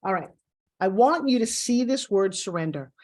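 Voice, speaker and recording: A woman's voice: medium pitch, lively intonation, normal speed, darkish tone. Upbeat woman coach teaching a video course, talks right to you, mid-range voice. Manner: upbeat, talks straight to the viewer. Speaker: course instructor.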